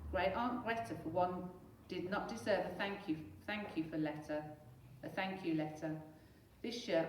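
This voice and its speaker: A woman's voice: lowish voice, recorded from a distance, slight background noise. Woman reading a storybook aloud. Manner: lively, expressive reading. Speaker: primary school teacher. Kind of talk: storybook read-aloud for children. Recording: echoey room, away from mic.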